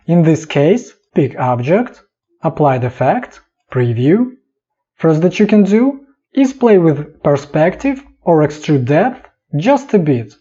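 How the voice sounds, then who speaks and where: A man talks through a software tutorial slowly and calmly, one clipped step at a time. His voice is dark and a little husky, though his pitch moves a lot. The voice-over sounds dull and lo-fi. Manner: calm, instructive, short clipped steps.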